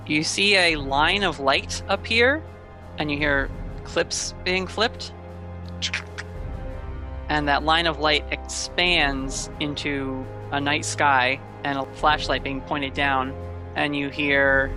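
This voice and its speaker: A man narrating a tabletop game as game master, describing scenes in a steady, detailed way. His voice sits a little high. Music plays clearly behind him. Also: a little slow, rough recording.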